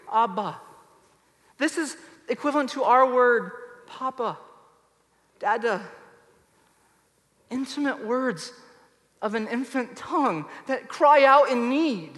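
A male pastor preaching a sermon emphatically, his voice swinging from loud to soft. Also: extremely high pitch, big-room sound.

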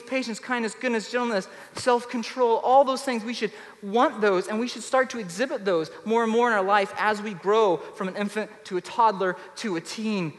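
A male pastor preaching a sermon emphatically, his voice swinging from loud to soft. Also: high voice, in a large hall.

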